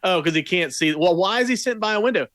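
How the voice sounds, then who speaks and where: A man's voice: sits high, expressive, quick pace, no room sound. Fact-checking male podcast co-host. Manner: questioning, corrects details, trails off quietly. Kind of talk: casual movie discussion.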